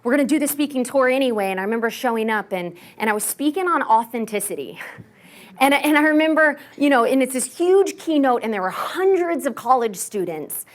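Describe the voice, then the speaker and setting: A young woman from Texas speaks in a slightly raised voice, sharing a personal story as a keynote speaker. She is animated and self-mocking and scatters "like" everywhere. She slips into the voices of the people she quotes. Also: on the high side, a little fast. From Texas, USA. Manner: animated, heavy use of "like", acts out quoted voices.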